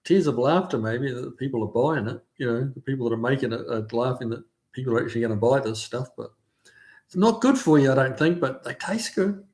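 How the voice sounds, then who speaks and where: A man chats casually through a home livestream. His voice sits at an ordinary middle pitch. He rambles in a friendly way, filling the gaps with ums and uhs. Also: lively intonation, brisk, darkish tone. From New Zealand. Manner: chatty, friendly, lots of fillers. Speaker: livestream host. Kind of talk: casual live chat reading viewer comments.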